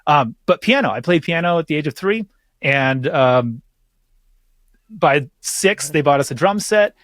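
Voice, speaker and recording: A man chatting casually as a podcast guest, telling animated stories and swearing freely. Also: a little high, unhurried, no echo, studio quality. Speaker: guest bass teacher.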